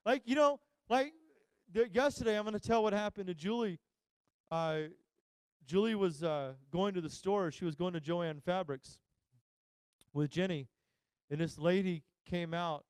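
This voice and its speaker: A male pastor with a high-sitting, clean voice speaks unhurriedly, leaving long pauses, with no room sound. Preaching a humorous sermon on a church live stream, he tells stories and acts out the voices of the people he quotes.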